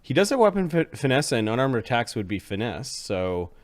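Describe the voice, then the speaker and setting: A man's voice: medium pitch, very animated, brisk. A man narrating a tabletop game as game master, talking animatedly with frequent restarts.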